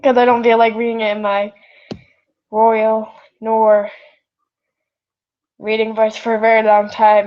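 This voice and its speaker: Using just her device's built-in mic at home at night, a woman rambles through a fan fiction reading, cutting herself off to apologize. Her voice is a little high and the sound is lo-fi.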